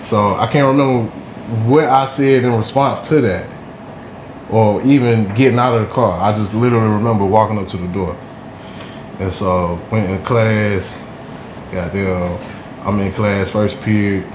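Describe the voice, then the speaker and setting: A podcast guest from Durham, North Carolina, tells a story from his school days in a loose, slangy style packed with "you know what I'm saying." His voice is on the low side, steady, and at normal speed, recorded in an echoey room with a faint background hum.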